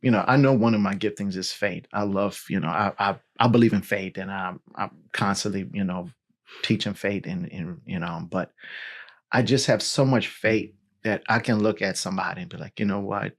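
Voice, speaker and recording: A man in his forties, a pastor, telling his personal testimony in a lively storytelling way, full of "you know" and "right?". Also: low voice, moderate pace. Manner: animated storytelling with filler words.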